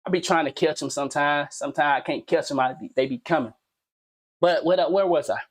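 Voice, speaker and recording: A man's voice: on the high side, a little fast. A man hosting his own commentary video, talking casually and animatedly in slang, repeating himself and firing off pointed questions. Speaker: commentary channel host.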